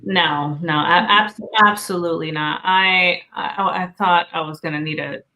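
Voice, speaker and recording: A woman's voice: on the low side, fairly even intonation, unhurried, bright, forceful tone, lo-fi sound. A woman hosting a casual podcast, talking candidly and with self-deprecating humor. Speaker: podcast host.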